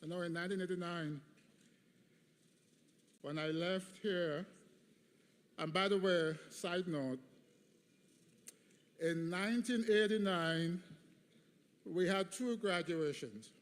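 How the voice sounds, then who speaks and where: A man's voice: high-pitched, takes it slowly, pauses often. A man in his fifties giving a preached commencement address in a large hall, emphatic, with rhythmic repetition. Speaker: commencement speaker. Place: large hall at a graduation ceremony. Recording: long hall reverb.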